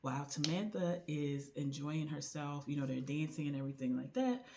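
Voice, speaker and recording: A woman casually recapping a novel for a book recommendation vlog, talking colloquially and acting out the characters' lines in an animated way. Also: deep voice, normal speed. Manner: chatty, animated retelling with voiced quotes; colloquial with frequent "like" and "you know". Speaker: book reviewer.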